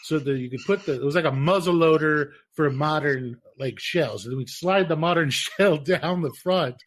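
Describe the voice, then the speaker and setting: A man co-hosting a podcast, telling rambling stories in a casual, profane, animated way. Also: fairly high pitch, normal speed. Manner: animated, profane, laughing storyteller. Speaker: podcast co-host. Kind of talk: casual chat, storytelling.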